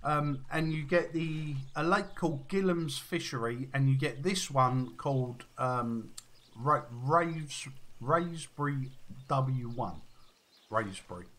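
A man's voice: mid-range voice, slow pace, fairly bright tone. A man live-streaming a fishing game, chatting casually and reading viewer messages aloud.

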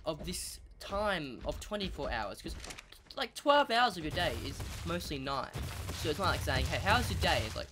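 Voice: mid-range voice, normal speed, music in the background. A gaming channel host, chatting through gameplay commentary and talking to the animals in the game. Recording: steady background noise.

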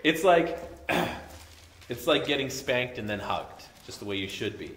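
Man preaching, conversational sermon, bright edge, echoey church room. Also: expressive, unhurried. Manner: conversational, drops soft and low when reading scripture. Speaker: pastor. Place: church sanctuary.

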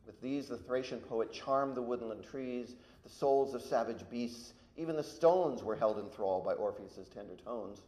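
A male university lecturer addresses an audience. He reads verse aloud with emphasis and breaks off for asides. His voice sits at a middle pitch and rings with the echo of a large room. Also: unhurried, few pauses, a little mellow. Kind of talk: public farewell lecture with a verse reading. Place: lecture hall. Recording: echoey hall.

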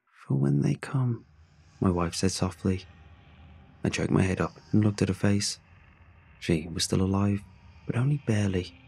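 A man's voice: low-pitched, darkish tone, husky. A man narrating a first-person horror story in a dramatic, scripted reading. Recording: faint music behind the voice.

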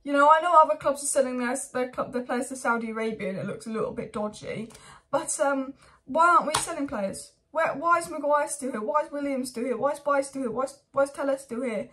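A young woman hosting a football fan channel, ranting in exasperation and firing off rapid rhetorical questions. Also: sits high, a bit bright, slight background noise. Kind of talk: opinionated fan commentary vlog.

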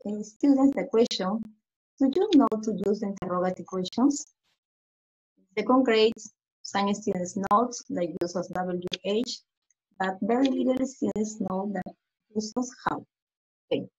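A woman teaching English to primary school children, going slowly through slides and repeating phrases for young learners. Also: on the high side, lively intonation, darkish tone, husky. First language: Spanish. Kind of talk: slide-by-slide lesson explanation. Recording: dull lo-fi recording.

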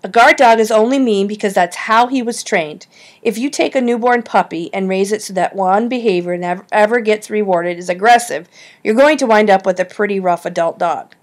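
A woman's voice: mid-range voice, brisk, lightly acted. A woman reading an audiobook, voicing an earnest, insistent schoolgirl who loves animals.

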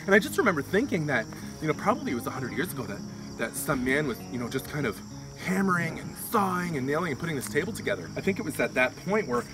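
A man hosting a comedy show outdoors, talking in a rambling, halting, gushing way that turns excitable. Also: on the high side, far from the mic, over music. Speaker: comedy show host in character. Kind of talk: mock-earnest outdoor comedy monologue.

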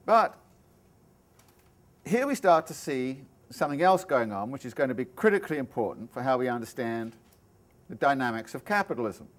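A man's voice: mid-range voice, big pitch swings, normal speed. A male professor giving a university lecture, explaining ideas in a thoughtful, step-by-step way, with asides and restarts. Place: lecture room.

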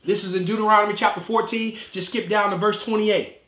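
A male pastor preaching a sermon in an animated way, dropping in frequent "hallelujah" interjections. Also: high voice, fairly quick, roomy sound.

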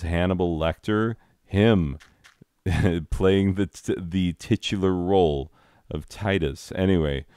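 A young American man with a low, deep voice rambles casually while gaming, breaking into laughs and goofy voices for quotes. The sound is dry and close, with no room echo. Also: a little mellow. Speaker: high school teacher and gaming vlogger. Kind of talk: casual chat while playing a game.

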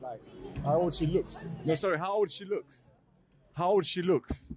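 A man's voice: high voice, moderate pace, a little mellow, slight background noise. A young man, bantering and teasing strangers on a busy in casual vlog style.

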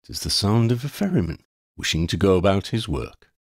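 A man reading a storybook, voicing a solemn, cloaked, six-fingered ferryman with a formal, deadpan manner. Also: low-pitched, a little fast, no echo, clean studio sound.

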